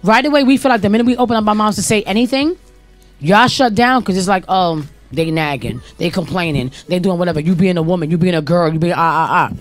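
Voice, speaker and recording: Woman panelist, forceful debater, talks over others, faint music under the studio mix. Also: lowish voice, fast. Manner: emphatic, repeats herself, cuts others off. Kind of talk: heated live radio debate.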